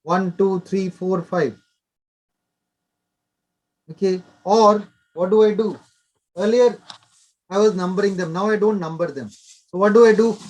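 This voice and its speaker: An older male doctor gives advice in an interview. His voice sits fairly high, and he talks instructively in short, repeated directives. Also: unhurried, long pauses, a little mellow. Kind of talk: explanatory interview talk.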